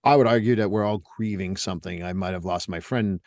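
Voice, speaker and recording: A man's voice: sits low, fast talker, a little mellow, no echo, studio quality. A middle-aged man hosting a podcast, telling stories in a blunt, casual way and often repeating words. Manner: storytelling, blunt, repeats himself. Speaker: podcast host.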